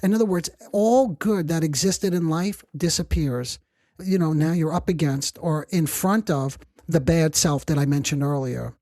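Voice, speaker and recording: A psychotherapist hosting a podcast, explaining ideas in a measured, clinical way and often rephrasing points and quoting patients. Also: mid-range voice, dark tone, dry recording.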